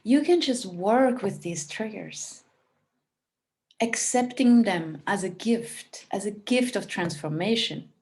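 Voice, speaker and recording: A woman leads a spiritual talk in a calm, reflective way. Her voice sits at a middle pitch, and she takes her time, lingering on each phrase. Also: slow pace. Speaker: spiritual teacher.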